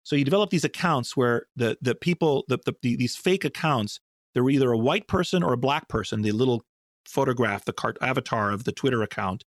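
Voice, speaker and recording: A man's voice: mid-range voice, expressive, a little fast, dry recording, clean studio sound. A man answering interview questions in a thoughtful, rambling way, often restarting his sentences. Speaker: guest scientist.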